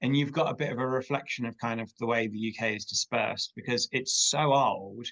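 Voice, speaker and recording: A man's voice: mid-range voice, steady tone, fairly bright tone. Male host on a dull lo-fi line. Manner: encouraging, quick interjections. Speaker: interview host. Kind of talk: casual interview hosting. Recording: dull lo-fi sound.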